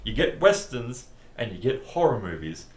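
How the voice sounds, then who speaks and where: A man's voice: medium pitch, very animated, normal speed. A young man chatting casually during a let's play, with dry, blunt banter. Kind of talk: casual gaming chat. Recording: echoey room.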